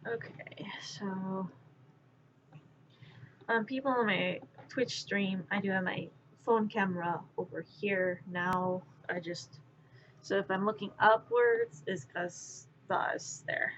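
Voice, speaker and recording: A woman streamer chatting casually with viewers while she crafts, rambling and distracted, sometimes muttering softly to herself. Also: medium pitch, slow, slight background noise. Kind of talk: casual live-stream chat. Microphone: wearing headphones. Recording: dull lo-fi stream audio.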